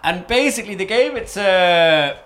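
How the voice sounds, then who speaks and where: A man's voice: sits high, animated, moderate pace, fairly bright tone. A man from North East England hosting a casual history podcast, rambling and often correcting himself. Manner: rambling, many restarts and self-corrections. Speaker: podcast host.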